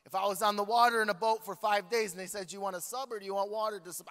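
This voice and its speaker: A preacher man tells a story from the pulpit in a lively, joking way, calling out to his congregation. His voice is bright and forward. It rings out with the long reverb of a large church hall. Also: high voice, very fast. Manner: animated, joking, talks to the congregation. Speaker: pastor. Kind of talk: storytelling sermon.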